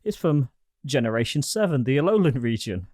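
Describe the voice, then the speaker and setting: A man's voice: medium pitch, very animated, brisk, a little mellow, dry recording, clean studio sound. A man co-hosting a podcast, running a quiz game and explaining rules plainly.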